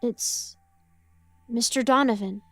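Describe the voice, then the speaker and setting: A woman narrates a first-person horror story in a playful, girlish way, breaking into yelps and giggles. Her voice sits on the high side and moves quickly between nervous chatter and hushed asides. Soft music plays faintly underneath. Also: no room sound.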